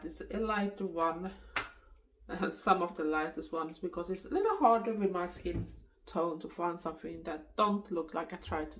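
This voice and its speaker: A woman's voice: on the low side, low-quality recording. Chatty Swedish woman in her fifties. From Sweden. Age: 50s. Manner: rambling, chatty, laughs often. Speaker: makeup vlogger. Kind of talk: casual get-ready-with-me chat.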